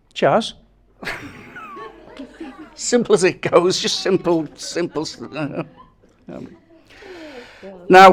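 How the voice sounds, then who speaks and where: A man delivering a wedding speech in a fairly high voice, spinning one anecdote after another to a reception crowd. He chuckles at his own punchlines as he goes. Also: gravelly.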